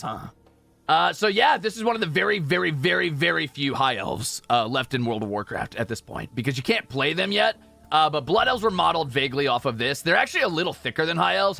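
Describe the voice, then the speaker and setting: European male streamer, animated and jokey, fairly high voice with a bit of fry. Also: dry recording. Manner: chatty, self-correcting, jokey. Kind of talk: casual gameplay stream chatter.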